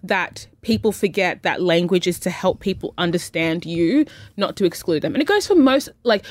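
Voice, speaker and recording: A woman's voice: lowish voice, lively intonation, normal speed, no room sound. Chatty woman podcast host. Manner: talks in long reflective runs and acts out quoted lines. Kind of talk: casual chat.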